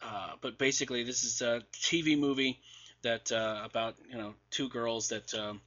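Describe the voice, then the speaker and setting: A man's voice: medium pitch, steady tone, normal speed, pushed and bright, muffled recording. A man casually reviewing new releases with sarcastic asides and many fillers and restarts, his voice wearing out. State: losing his voice. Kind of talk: casual podcast commentary.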